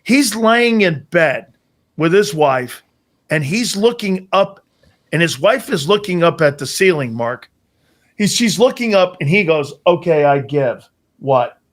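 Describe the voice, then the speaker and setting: A man co-hosting a sports podcast, excitable, telling stories and swearing casually. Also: high-pitched, unhurried.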